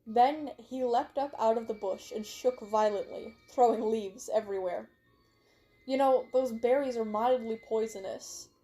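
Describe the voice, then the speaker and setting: A woman's voice: on the high side, a little slow, warm tone, faint music behind. A woman reading her own story aloud on a stream, in a casual way, often stumbling and correcting herself with little asides.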